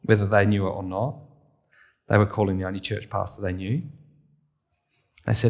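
A man's voice: fairly low pitch, flat delivery, moderate pace, vocal fry, pauses often. A man from England, a pastor, preaching a sermon with candid, self-deprecating storytelling.

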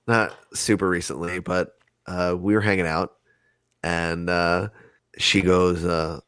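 A man's voice: deep voice, fairly even intonation, unhurried, a bit bright, clear, resonant tone, no room sound. A man co-hosting a podcast, telling a story in casual, profane, laid-back chat with laughs. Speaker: podcast co-host.

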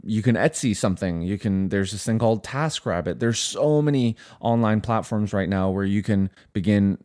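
A man's voice: lowish voice, moderate pace, a little mellow, no echo, studio quality. A man in his thirties co-hosting a podcast, giving explanatory advice in casual chat and often restarting his sentences. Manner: explanatory, repeats words when starting sentences. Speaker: podcast co-host.

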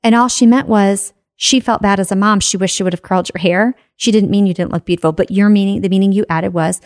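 A woman's voice: mid-range voice, fairly even intonation, quick pace, no echo, studio quality. A woman giving a motivational talk on personal growth, emphatic, with rhetorical questions and checks like "right?".

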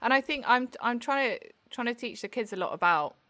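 A woman's voice: a little high, animated, fairly quick, pushed and bright. A woman co-hosting a casual chat, speaking candidly and reflectively, often restarting her sentences.

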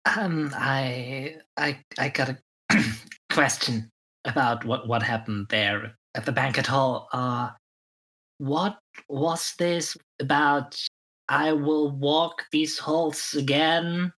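A woman's voice: a bass voice, slow, a bit bright. A woman playing a tabletop game, hesitant and stammering. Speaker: player.

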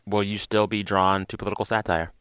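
A man hosting an interview, talking in an expressive way, laughing readily and using loose fillers as he asks questions. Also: on the low side, fast, smooth, no room sound, studio quality. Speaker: interviewer, host. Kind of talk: interview conversation.

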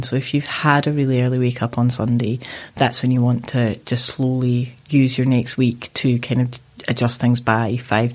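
A woman's voice: rumbling low, a little mellow. Matter-of-fact woman giving sleep advice. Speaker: sleep consultant. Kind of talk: casual podcast chat.

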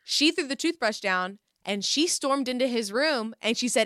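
A young woman hosts a casual chat and tells a long, lively story, dropping into quoted voices as she goes. Her voice is bright and forceful with a smooth, crisp tone, and the recording is dry and close. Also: a little high, normal speed, no room sound.

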